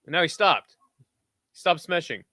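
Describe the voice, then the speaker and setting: Fairly high in pitch and at normal speed, a young man's voice comes through a dry recording as he streams live fight commentary. Excitable and casual with his viewers, he whoops and shouts at the big moments and throws in chatty asides to chat.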